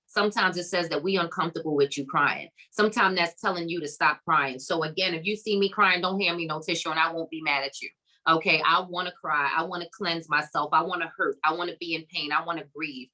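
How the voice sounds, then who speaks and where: A bright, emphatic woman hosts a summit, giving an encouraging faith-based talk to a live online audience. Her voice is on the low side, and she preaches like a pastor, repeating phrases with "come on" and "okay," on a low-quality recording.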